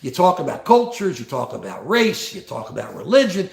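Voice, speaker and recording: A man's voice: on the high side, big pitch swings, a little fast, gravelly, a little hiss or hum. A man hosting a political commentary livestream, talking with passion, asking rhetorical questions and often repeating his words. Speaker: livestream host. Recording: echoey room.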